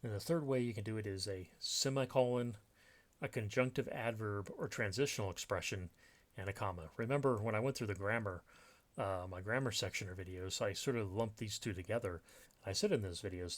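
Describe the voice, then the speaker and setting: A man's voice: on the low side, a little fast. A man teaching a recorded grammar lesson over slides, explaining step by step with many fillers and restarts. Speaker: writing instructor.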